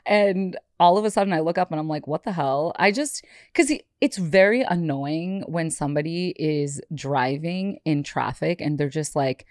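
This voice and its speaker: A podcast co-host with a low-pitched voice tells stories in casual chat at a moderate pace, with few pauses. She's animated, laughs often and acts out quotes. The recording is dry and studio quality.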